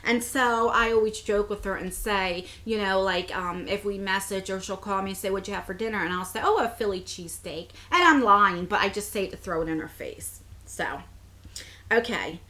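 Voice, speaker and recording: A woman's voice: mid-range voice, normal speed, bright, forceful tone. A woman in her forties from New Jersey chatting casually as a beauty vlogger, reading out viewer comments and answering them in a rambling way, laughing often.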